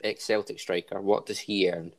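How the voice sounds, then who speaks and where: Man hosting a podcast, lowish voice. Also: flat delivery, moderate pace. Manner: upbeat, running a quiz. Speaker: podcast host. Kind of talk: casual chat.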